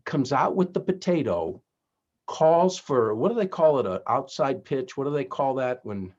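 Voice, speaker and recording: Man, host, casual joke-telling, laughs at own puns, lively pitch, muffled sound. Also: moderate pace. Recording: dull lo-fi sound.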